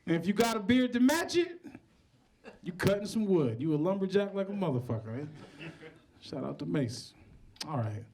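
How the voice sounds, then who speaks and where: A man hosting a stand-up show, doing loud, playful crowd work between acts. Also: sits high, sing-song, normal speed, pauses often. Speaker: host introducing comedians. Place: comedy stage before a live audience.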